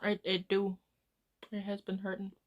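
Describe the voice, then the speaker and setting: A woman's voice: medium pitch, monotone, normal speed, lo-fi sound. A woman live streamer rambling in casual chat as she talks to her viewers. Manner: rambling, chatting with chat, drifting off-topic.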